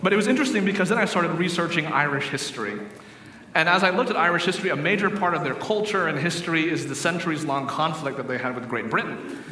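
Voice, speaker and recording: A man preaching a sermon, telling stories and acting out the characters in a lively way. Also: a little high, distant mic, slight background noise. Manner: animated storyteller voicing characters in jokes. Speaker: pastor. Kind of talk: sermon storytelling. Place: church sanctuary. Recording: echoey hall recorded from afar.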